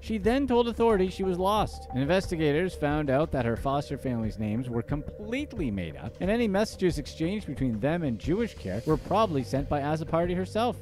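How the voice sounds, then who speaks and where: A man narrates from a script, his voice sitting a little high and swinging widely in pitch. He drops in snarky, sarcastic asides along the way, with faint music behind him. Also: a little mellow. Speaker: narrator of a list video.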